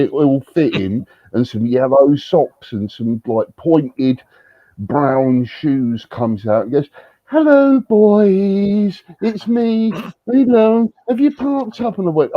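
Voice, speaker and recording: A man spins a rambling, animated anecdote on a livestream, cursing freely and tripping over his own restarts. The audio is dry with no room sound, and a little dull and lo-fi. His voice sits at an ordinary middle pitch. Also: no echo. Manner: animated, swearing, frequent restarts. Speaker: livestream host. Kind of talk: casual storytelling chat. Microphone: livestream setup.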